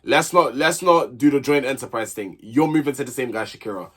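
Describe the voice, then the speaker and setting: A man's voice: mid-range voice, fairly quick, husky. Opinionated young man recapping a show. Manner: opinionated, animated, exclaims and repeats himself. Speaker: reality show recap host. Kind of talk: casual commentary.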